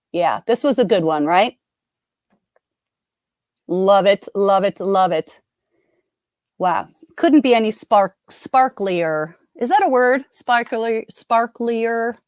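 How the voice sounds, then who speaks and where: Recorded dry at studio quality, a middle-aged woman with a fairly high voice hosts a live trivia game. She's chatty and upbeat in casual stream talk, frequently breaking off mid-sentence.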